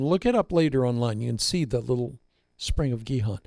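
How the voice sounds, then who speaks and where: Gravelly, playful man preaching. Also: mid-range voice, moderate pace, hardly any pauses, darkish tone, dry recording. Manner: dramatic, playful storyteller. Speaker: pastor. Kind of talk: sermon.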